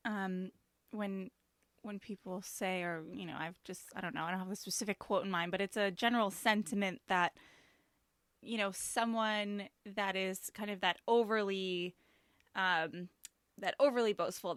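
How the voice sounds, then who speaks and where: A woman hosting a podcast interview, reflective and thinking aloud with pauses. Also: medium pitch, fairly bright tone, no room sound, clean studio sound. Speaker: podcast host. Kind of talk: casual conversational interview.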